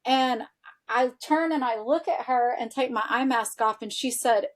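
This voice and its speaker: A woman guest on a podcast, chatty and animated, sprinkling in "like" and acting out what people said as she tells a personal story. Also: on the high side, takes it slowly. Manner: animated, chatty, frequent "like" fillers, acts out quoted dialogue. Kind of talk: casual storytelling in a podcast interview.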